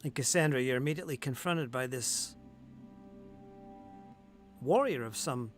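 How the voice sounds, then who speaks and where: Male game master, mid-pitched, calm descriptive narration, faint music behind. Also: normal speed.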